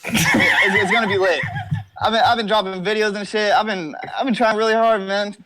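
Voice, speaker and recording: A man's voice: high voice, wildly swooping pitch, a little fast, bright, forceful tone. A young man talking from his car as an interview guest, joking, boasting and rambling with lots of swearing. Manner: brash, profane, rambling comic boasting.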